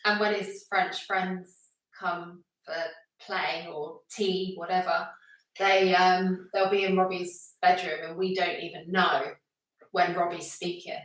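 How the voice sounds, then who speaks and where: A woman's voice: fairly low pitch, level tone, slow, fairly bright tone, recorded from a distance. A middle-aged woman with a Southern English accent, chatting casually and adding short agreements on a family live stream. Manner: brief agreeing interjections. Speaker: co-host. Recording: echoey room, off-mic.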